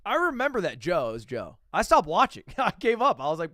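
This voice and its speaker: A young man in his twenties reacting to a video on stream, animated and swearing, switching between loud outbursts and quiet mutters. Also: high-pitched, a little fast, dry recording, studio quality. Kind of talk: casual reaction commentary.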